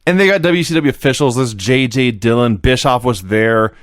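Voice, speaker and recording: A man's voice: mid-range voice, moderate pace, no room sound. A man co-hosting a podcast in casual chat, recapping things with dry, sarcastic humor. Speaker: podcast co-host.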